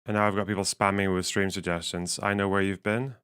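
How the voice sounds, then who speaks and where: A man live-streaming casual commentary while reading chat, his voice strained and missing its lower range, swearing and laughing as he thinks aloud. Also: little pitch movement, fast, a bit bright, clean tone.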